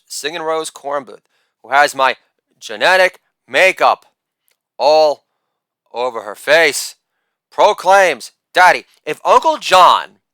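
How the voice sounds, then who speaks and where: A middle-aged man performs stand-up comedy in a boastful, theatrical way, with shouted catchphrases. His voice sits high and swings widely. The sound is bright, smooth and dry, with no room around it. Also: dry recording.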